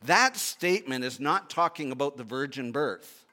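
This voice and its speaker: A man preaching a sermon, reading scripture aloud and then expounding it with rhetorical questions, swinging from loud emphatic bursts to low, hushed pleading. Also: expressive, normal speed.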